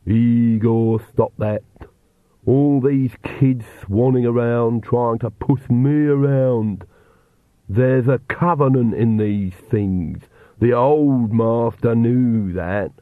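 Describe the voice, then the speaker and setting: A man voicing a resentful old male servant, muttering slowly to himself. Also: medium pitch, no echo. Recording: tinny phone-like dry sound.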